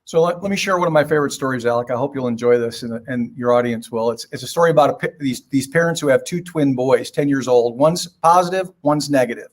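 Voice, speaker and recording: A man's voice: medium pitch, fast, hardly any pauses. An older man speaking as a podcast guest, giving emphatic, preachy advice in short punchy phrases and telling stories. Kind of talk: motivational podcast talk.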